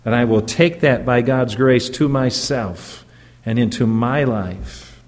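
A man's voice: mid-range voice, takes it slowly, darkish tone, big-room sound. A man who is a pastor preaching a sermon in an earnest, emphatic way, often stopping to check in with the congregation through rhetorical questions.

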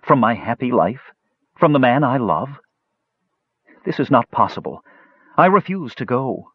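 A man performs a fiery young woman in a fantasy storybook reading, her voice pitched up above his own. She sounds husky and lively, swinging between fear and defiance. The recording is dull and dry. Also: unhurried, dry recording, exaggerated voice. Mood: indignant. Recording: dull lo-fi audio.

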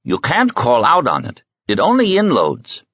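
A man voicing a gruff, suspicious older woman in an audiobook, grumbling and sharp. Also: mid-range voice, wildly swooping pitch, a little slow, no echo, pitched above the performer's own voice, full character voice. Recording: slightly muffled dry audiobook recording.

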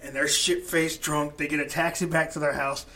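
A man with a high, bright voice, retelling a film in an animated, profane way. He jumps into loud acted-out lines now and then, swearing freely as he goes. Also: normal speed. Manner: animated, profane, acts out quotes loudly. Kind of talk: casual chat, retelling a movie.

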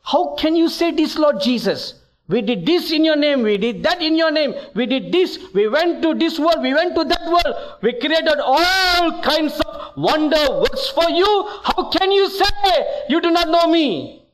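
A preacher voicing indignant preachers pleading their case. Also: male voice, very high-pitched, expressive, unhurried, pitched above the performer's own voice, poor audio. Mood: protesting. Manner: pleading, insistent, rising. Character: group of indignant male preachers protesting.

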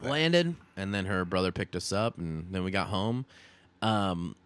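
Bright-voiced man swearing through a story. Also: low-pitched, unhurried, clear, resonant tone, dry recording. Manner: animated, swears often, says "dude". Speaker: podcast co-host. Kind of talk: casual storytelling chat.

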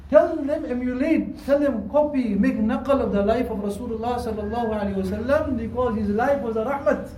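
A man preaches a Friday sermon, his voice strikingly high and mellow. He repeats his points earnestly and slips in Arabic and Urdu phrases. He is heard from a distance in a reverberant mosque hall with faint ambience behind him. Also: slight background noise. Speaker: imam. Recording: echoey hall, distant mic.

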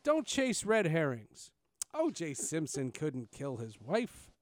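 A man's voice: fairly high pitch, wildly swooping pitch, slow, no room sound, studio quality, exaggerated voice. A man doing a stern older anchor. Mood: lecturing. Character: older male sports anchor, stern and lecturing.

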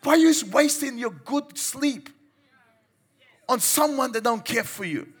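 A man's voice: extremely high pitch, animated, a little slow, husky. A man preaching a sermon, exhorting his listeners with emphatic commands and mimicking the people he mocks.

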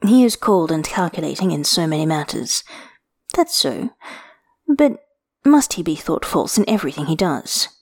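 Woman narrator, slightly low pitch; unhurried, intimate fiction reading. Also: big pitch swings, a little mellow. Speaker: reader.

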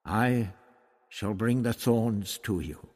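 A man voicing a calm, daring male hero in a storybook reading, speaking in an understated way. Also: lowish voice, slow pace, big-room sound.

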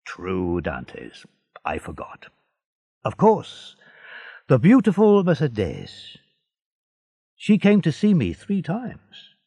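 A man's voice: mid-range voice, huge pitch swings, slow, long pauses, mellow, breathy edge, no echo, full character voice. A man voicing a kindly, fatherly ship owner in a storybook reading. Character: older male ship owner, kindly and warm.

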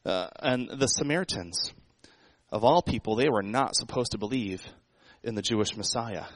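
A man's voice: lowish voice, normal speed, no echo, rough recording. A man preaching a sermon in a conversational way, asking the congregation rhetorical questions. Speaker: pastor.

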